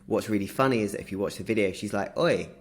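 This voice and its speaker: A man, a guest in a casual interview, telling a story in a lively way and often laughing through it. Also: fairly low pitch, very fast.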